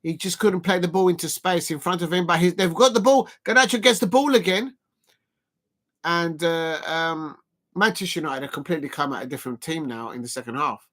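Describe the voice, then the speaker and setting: Male watch-along host, bright and forward, chatty, erupts into shouts on big plays. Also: fairly high pitch, fairly quick. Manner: chatty and excitable, breaks into shouting at big moments; exercising between remarks, counting out reps. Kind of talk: casual live football watch-along commentary.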